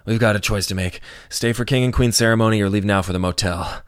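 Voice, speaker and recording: A cocky, brash young man who is used to getting his way, pushy and playful, as voiced by a male audiobook narrator. His voice is deep and low. The recording is dry and close. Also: fast talker, clean tone, no room sound, lightly acted. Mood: eager. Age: young adult. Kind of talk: audiobook character voice.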